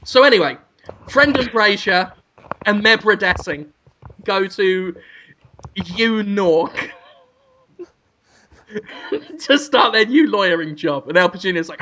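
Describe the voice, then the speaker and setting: A man's voice: sits high, expressive, takes it slowly, long pauses, pushed and bright. A man telling an absurd made-up story on a podcast, rambling, giggling and slipping into silly put-on voices. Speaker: podcast panelist.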